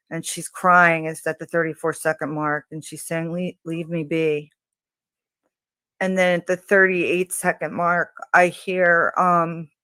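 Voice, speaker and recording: A woman hosting a true crime channel, describing audio clips in a hesitant way with many pauses and fillers. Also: on the low side, clear, resonant tone, no room sound. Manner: hesitant, many ums, slow and even.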